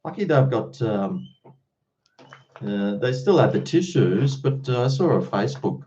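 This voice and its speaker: A man's voice: mid-range voice, lively intonation, measured pace, warm tone, muffled recording, slight background noise. Blunt Australian man chatting on stream. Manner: blunt, swears freely, chatty. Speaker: live streamer answering chat. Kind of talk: casual live-stream chat.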